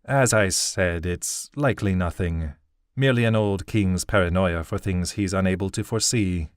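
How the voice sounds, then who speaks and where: A man voicing an old, fatherly elven king and seer who speaks in a measured, grave way. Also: deep voice, no room sound, clean studio sound, natural voice.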